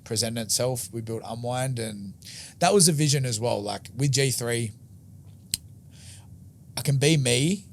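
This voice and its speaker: A man's voice: medium pitch, a little slow, pauses often, slight background noise. A man with an Australian accent telling stories in a casual interview, rambling with lots of filler words, swearing now and then and acting out conversations. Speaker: interview guest.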